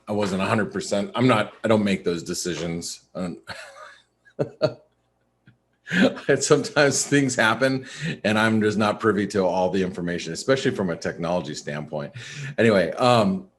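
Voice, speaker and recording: A man's voice: deep voice, breathy edge. A man hosting a live trading webinar, sounding tired and rambling through a screen-share walkthrough with lots of fillers and restarts. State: tired, yawning. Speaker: webinar host.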